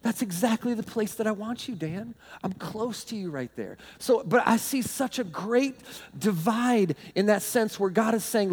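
A man preaching a sermon as pastor, telling animated stories with bursts of shouting and laughter. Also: high voice, normal speed. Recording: long hall reverb.

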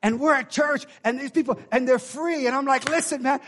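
A man preaching a sermon, calling on the congregation to answer him and building from quiet talk to loud shouting. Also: very high-pitched, a little fast.

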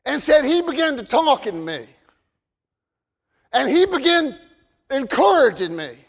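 A man preaching a sermon, stammering on repeated words and swinging between loud emphasis and quiet asides. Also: very high-pitched, sing-song, a little slow, vocal fry, in a large hall.

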